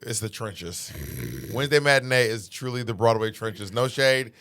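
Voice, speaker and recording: A man from Alabama hosting a podcast, chatting in an animated, joking way and laughing often. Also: medium pitch, moderate pace, noisy background. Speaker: podcast host. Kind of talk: casual chat.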